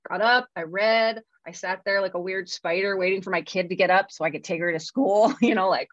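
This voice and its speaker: A woman from California co-hosts a screenwriting podcast, chatting casually while jet-lagged; her voice is fairly low, brisk, and fairly bright. She's self-deprecating and full of fillers and laughs, and the recording is muffled with no echo.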